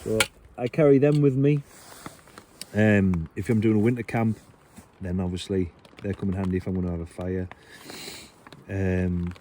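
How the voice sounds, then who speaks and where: A low, dark-toned man, the bushcraft vlogger, rambles about gear from under a tarp as rain falls in the woods. His talk is casual and self-deprecating, thick with ums and ers, and there's a faint hiss or hum.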